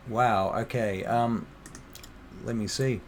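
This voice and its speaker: A man narrating a tabletop game as game master, relaxed and full of fillers. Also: lowish voice, takes it slowly, slight background noise.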